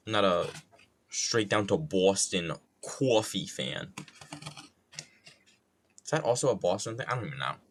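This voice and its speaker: A man's voice: low voice, animated, normal speed, long pauses, a little hiss or hum. A man from New York streaming live, rambling casually in a self-mocking, loosely profane way with a plain, neutral accent.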